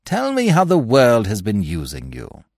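A man voicing a calm, sly plainclothes detective who speaks slowly and softly with gentle mockery. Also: fairly low pitch, no room sound, clean studio sound, full character voice.

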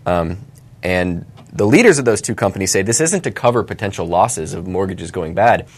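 A man with a fairly low voice co-hosts a casual finance podcast. He sounds upbeat and optimistic, and he reads the headlines in a relaxed, conversational way. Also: normal speed, husky. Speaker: podcast co-host. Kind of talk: casual chat.

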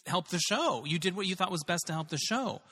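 Relaxed male host with affirmations. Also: high-pitched, brisk, big-room sound. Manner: relaxed, brief affirmations, asks follow-up questions. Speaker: podcast host. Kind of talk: casual interview.

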